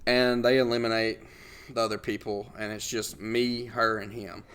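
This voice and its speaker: Young man telling a lively anecdote. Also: on the low side, moderate pace, clean tone. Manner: animated anecdote telling, laughs often. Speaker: podcast host. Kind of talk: casual storytelling.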